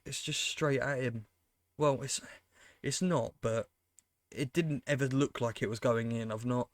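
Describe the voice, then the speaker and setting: Talking to his viewers in a let's-play, a man gives casual commentary on his football management game, exasperated and sarcastic. His mid-range voice comes through a dry recording.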